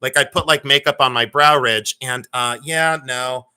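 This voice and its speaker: Bright-voiced chatty woman hosting a livestream. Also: extremely low pitch, normal speed, clear, resonant tone. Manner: chatty, self-mocking, playful. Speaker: livestream jewelry sale host. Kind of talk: casual livestream chat.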